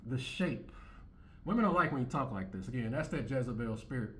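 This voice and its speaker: A man's voice: mid-range voice, animated, fairly quick. Blunt, profane man ranting to camera. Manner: blunt, repetitive, stammering restarts, profane. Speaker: commentary channel host. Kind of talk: opinionated monologue over clips.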